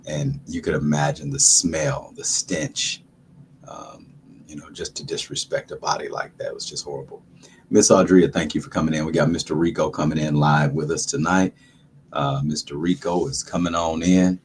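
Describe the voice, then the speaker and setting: Man, very low voice, laid-back livestream host, dry throat, faint room hum. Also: moderate pace. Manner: relaxed, repetitive greetings to viewers. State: dry throat, sucking a lozenge. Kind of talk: casual livestream chat.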